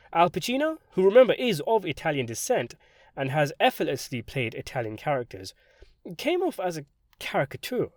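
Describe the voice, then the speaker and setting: A man delivering a scripted film review in a sardonic, animated way. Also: a little high, no echo, clean studio sound. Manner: sardonic, animated delivery with sudden jumps for emphasis. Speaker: film critic.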